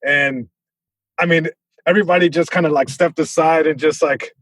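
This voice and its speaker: Man, comedian guest, animated storyteller, slightly high voice, dry studio sound. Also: moderate pace, no echo. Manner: animated, acts out voices, many restarts. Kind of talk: casual storytelling chat.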